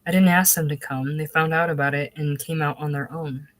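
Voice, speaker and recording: A woman reading aloud voicing a gentle, placating young man. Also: low voice, steady tone, fairly quick, lightly acted. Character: earnest young man, a soothing seminary graduate.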